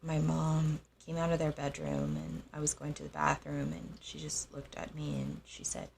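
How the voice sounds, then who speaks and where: A young adult woman telling a personal story in a halting, soft-spoken way, with frequent pauses. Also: low voice, sing-song, gravelly, slight background noise. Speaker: host.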